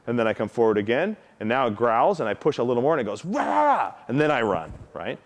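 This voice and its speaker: A man with a mid-range, lively voice talks fast as he teaches students about protection dog training. His tone is casual, he keeps asking "right?", and he uses his own voice to act out how the dogs react.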